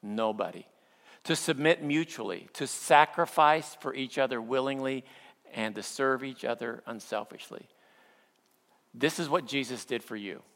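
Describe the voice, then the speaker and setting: A middle-aged male pastor preaching a sermon, telling stories with playful humor and acting out quotes, then slowing down for earnest points. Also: mid-range voice, a bit bright. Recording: long hall reverb.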